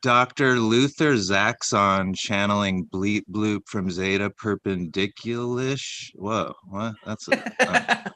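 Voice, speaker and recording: A man co-hosting a casual comedy chat, rambling and deadpan as he reads out a long list of silly names with lots of fillers. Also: fairly low pitch, slow. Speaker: comedy podcast co-host.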